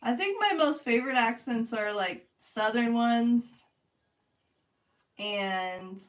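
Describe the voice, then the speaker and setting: A woman's voice: fairly high pitch, slow, recorded from a distance, poor audio. Chatty Californian woman streaming art. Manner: chatty, laughs often, talks to chat. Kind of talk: casual chat while painting.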